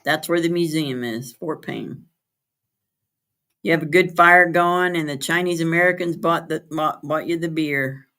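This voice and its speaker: A woman's voice: low-pitched, unhurried, sharp tone. A woman hosting a casual live stream from home, chatting with viewers, answering their comments by name, spelling words out and laughing often. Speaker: livestream host. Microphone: streaming setup.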